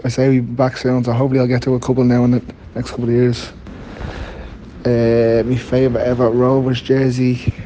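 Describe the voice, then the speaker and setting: A man's voice: mid-range voice, dark tone, highs cut off, slight background noise. A young man answering questions in casual chat, hesitant with dry humour.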